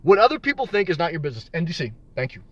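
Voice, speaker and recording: Sitting in his car in a parking lot, a man live-streams and reads viewer comments out loud, rambling and joking about being single. His voice sits on the high side, sing-song and racing. He's a vlogger answering live chat in a casual stream.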